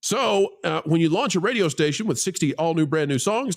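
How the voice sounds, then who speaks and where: A man's voice: high voice, animated, normal speed, creaky, few pauses. A man hosting a live online panel show, joking and teasing his co-hosts between plugs and reading out donations. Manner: jokey, teasing, rambling with fillers. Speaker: livestream host. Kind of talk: casual livestream panel chat.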